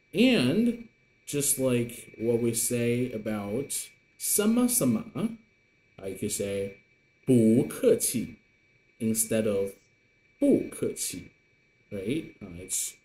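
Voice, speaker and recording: Slow, lively-voiced male Mandarin teacher. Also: mid-range voice, slight background noise. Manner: slow, deliberate modelling of tones with repetitions. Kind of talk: online language lesson.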